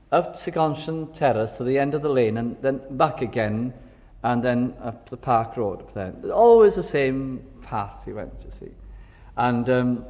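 A man's voice: mid-range voice, darkish tone. An older man preaching a sermon, reflective and full of storytelling asides. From Wales. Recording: dull recording with long hall reverb.

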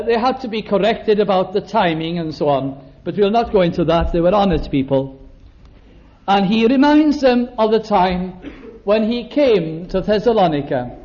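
An older man preaching a sermon, slowing down to stress key words and acting out small exchanges. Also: high voice, a little mellow. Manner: slows down for emphasis, acts out little dialogues. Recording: dull lo-fi recording.

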